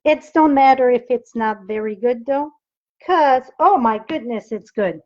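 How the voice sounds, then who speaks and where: Slow, high-voiced French Canadian woman. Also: lively intonation, dull audio. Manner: chatty, talks to viewers while working, thinks aloud. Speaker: card-making demonstrator. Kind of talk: live-streamed crafting demo.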